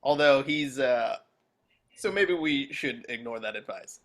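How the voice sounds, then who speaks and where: A man's voice: medium pitch, lively intonation, measured pace, fairly bright tone. A man reading a chipper, nervous afterlife architect who rambles and stumbles while giving a speech over a video call.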